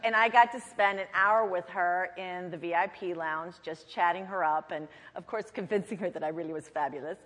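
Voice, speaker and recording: A woman panelist telling stories from her campaign days in an animated way, acting out the people she quotes. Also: fairly low pitch, normal speed, few pauses, in a large hall. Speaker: panelist, former campaign staffer. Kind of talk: panel discussion, lively storytelling.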